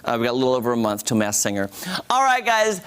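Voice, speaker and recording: A man's voice: mid-range voice, fast, clean tone. A man reviewing TV shows on a morning show, chatty and talking straight to viewers. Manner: chatty, animated, addresses viewers as guys. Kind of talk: casual TV review.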